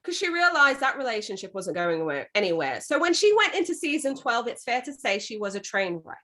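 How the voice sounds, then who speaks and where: A woman's voice: on the high side, very animated, a little fast, sharp tone. A woman co-hosting a podcast, retelling a book at length in a casual, conversational way with frequent "you know"s. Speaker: podcast co-host.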